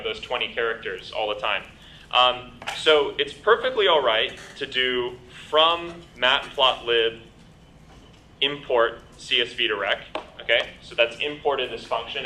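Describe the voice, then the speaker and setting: A man lecturing a programming bootcamp, walking through code on the fly. His voice is bright and forward, his delivery chatty and full of ums. The recording carries the echo of a lecture room and a faint hiss underneath. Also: medium pitch. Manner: explains with many ums and you-knows, asks "right?". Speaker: bootcamp instructor. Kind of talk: live lecture with coding demo. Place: lecture hall.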